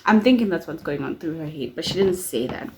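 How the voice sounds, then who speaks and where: A young woman chatting casually in a recap vlog, talking in a lively way with many fillers and asides while she does her makeup at home. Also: low-pitched, fairly quick, a little hiss or hum. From South Africa. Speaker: YouTuber.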